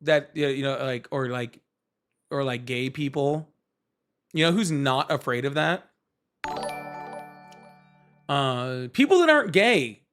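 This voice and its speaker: A man's voice: mid-range voice, lively intonation, takes it slowly, long pauses, a bit bright, faint music behind. A young man hosting a live political call-in stream, talking loosely and profanely with lots of fillers and restarts. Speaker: livestream host. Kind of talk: casual livestream debate with callers.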